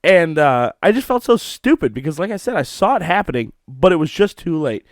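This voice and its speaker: A young man talks into a close mic at home, swinging his pitch up and down as he tells a rough, profane story and breaks into laughter. The sound is dry and close, with no room echo. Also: sing-song, fairly quick. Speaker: podcast host. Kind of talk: solo podcast monologue.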